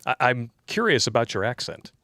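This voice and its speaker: A man's voice: mid-range voice, sing-song, a little fast, pushed and bright, dry recording, studio quality. A man co-hosting a casual livestream, reading donations aloud and joking bluntly with crude humor.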